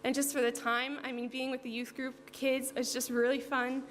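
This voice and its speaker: A young woman from New Jersey speaks an earnest, heartfelt church testimony in a fairly high voice, peppered with ums and likes. Her voice rings with long reverb through a church hall, over a faint hum. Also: level tone, moderate pace. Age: young adult. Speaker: church member giving a testimony.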